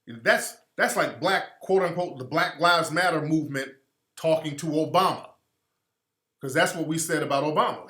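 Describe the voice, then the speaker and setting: Man, radio host, bright pushy voice, echoey room. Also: a little high, unhurried. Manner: blunt, profane and animated, mimics others in quoted voices. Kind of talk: opinionated radio commentary.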